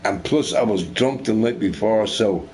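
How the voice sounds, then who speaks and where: A man's voice: fairly low pitch, unhurried, a little mellow. A man streaming a game, chatting casually with viewers in a rambling, profane, joking way.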